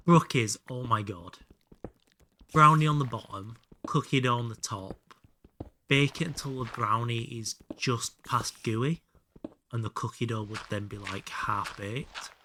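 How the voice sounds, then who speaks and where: Bright-voiced joking streamer. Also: male voice, on the low side, a little hiss or hum. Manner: joking, bantering with chat, sometimes mutters under his breath. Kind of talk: casual live-stream chat while gaming.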